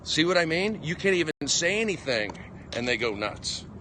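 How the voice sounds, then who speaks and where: Male comedian, fairly high voice, excitable rambling phone livestream, faint traffic hiss behind. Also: normal speed. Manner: excitable, emphatic, jumping between topics. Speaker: stand-up comedian. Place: outdoors on a walk.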